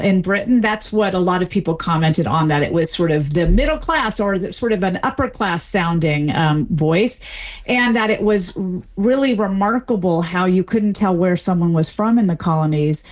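A woman answering interview questions as an expert, explaining clearly and with examples. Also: medium pitch. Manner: articulate, lively, explains with examples. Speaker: dialect expert guest.

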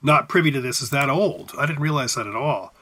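A man's voice: medium pitch, a little fast, a loud crowd. A man co-hosting a casual chat about word origins, reading facts aloud and musing on them. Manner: chatty, reads facts aloud and muses on them. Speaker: podcast co-host.

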